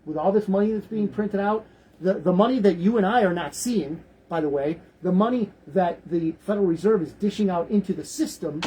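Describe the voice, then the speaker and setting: A man's voice: high-pitched, a little fast, warm tone, slight background noise, poor audio. A man hosting a talk radio show, rambling through the news in casual commentary, often repeating words.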